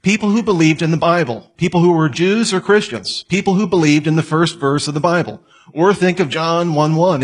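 Guy lecturing casually, husky and a bit high, lots of questions to the listener. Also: fairly quick, few pauses. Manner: conversational, asks the listener questions, joking asides. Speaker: apologetics teacher. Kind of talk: lecture on evidence.

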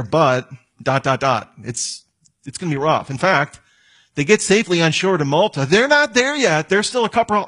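A man preaching to his congregation in a slightly raised voice. He tells stories and acts out the people in them. He talks in the relaxed, conversational way of a pastor. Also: fairly high pitch. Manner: storytelling, acts out quoted voices. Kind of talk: sermon.

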